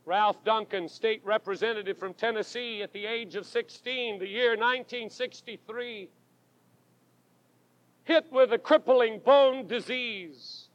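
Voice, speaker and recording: High-voiced slow preacher on old tape. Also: male voice, steady tone, no echo. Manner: dramatic, rhythmic preaching with emphatic refrains. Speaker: pastor. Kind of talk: sermon. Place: church pulpit. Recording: dull lo-fi 1980s tape recording.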